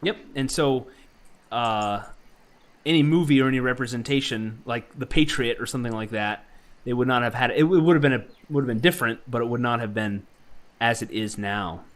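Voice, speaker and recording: Guy co-hosting a chatty podcast, average pitch, lots of uh and um, restarts a lot. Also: fairly quick. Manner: rambling, many fillers and restarts, laughs easily. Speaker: podcast co-host. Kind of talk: casual group chat.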